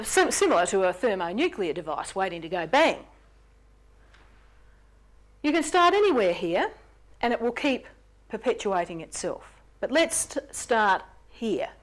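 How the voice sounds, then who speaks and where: A woman giving an explanatory lecture, speaking in an animated way with sudden jumps in pitch on key words. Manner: acts out quoted lines in character.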